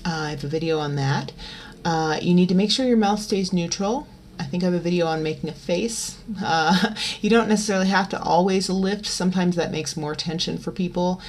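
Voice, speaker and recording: A woman with a fairly low speaking voice leads a singing lesson in a relaxed, chatty way. She stops now and then for loud twangy sung demonstrations. A faint hiss sits under the recording. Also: a little fast. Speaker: voice teacher. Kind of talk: vocal lesson.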